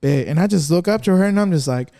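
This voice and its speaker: A man's voice: high-pitched, animated, quick pace, gravelly, mellow, no echo, clean studio sound. A man hosting a casual podcast, telling stories in a rambling, profane way and laughing often. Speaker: podcast host.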